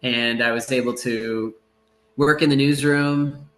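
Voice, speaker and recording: A middle-aged man chatting as a podcast guest, telling rambling, relaxed stories with many fillers and acted-out quotes. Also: medium pitch, measured pace, echoey room. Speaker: surf broadcaster, podcast guest. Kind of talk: casual storytelling in a podcast interview.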